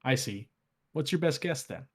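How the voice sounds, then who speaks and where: A man's voice: medium pitch, expressive, normal speed, creaky, breathy edge. A man voicing a small, curious robot companion in an earnest, questioning way while reading lore.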